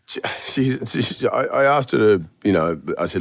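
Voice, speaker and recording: A man's voice: low voice, brisk, dry recording, clean studio sound. A middle-aged Australian man, a podcast guest, telling rambling, self-mocking stories in casual chat.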